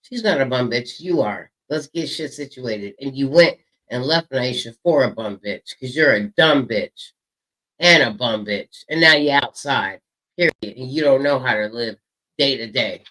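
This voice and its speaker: A man's voice: medium pitch, lively intonation, measured pace, pushed and bright, low-quality recording. Profane taunting male drama host. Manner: profane taunting, stretching words for emphasis. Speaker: show host. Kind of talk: heated drama commentary.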